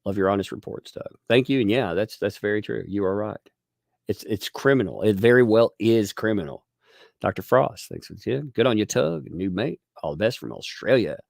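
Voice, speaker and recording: Gravelly, lively-voiced man hosting a livestream. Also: lowish voice, moderate pace, no room sound, studio quality. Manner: animated, rambling, with frequent restarts and laughs. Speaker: livestream host reading viewer donations. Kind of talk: casual livestream commentary.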